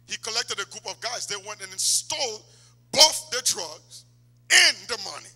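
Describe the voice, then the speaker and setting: A man preaching a sermon in a church, swinging from loud exhortation to quiet asides. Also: high-pitched, animated, moderate pace, husky. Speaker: pastor. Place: church sanctuary. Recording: long church hall reverb.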